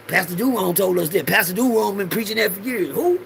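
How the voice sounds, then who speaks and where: High gravelly man, preachy rambling vlog. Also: animated, fairly quick, hardly any pauses, a little hiss or hum. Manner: preachy, repeats lines for the audience to say along; loose Southern street slang, swears freely. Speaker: vlogger. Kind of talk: rambling personal monologue.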